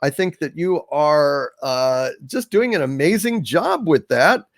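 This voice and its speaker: Man hosting a stream, slow and theatrical, with a lively, fairly high voice. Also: dry recording, studio quality. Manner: theatrical, hailing viewers grandly. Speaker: live-stream host. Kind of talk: reading viewer chat messages on a live stream.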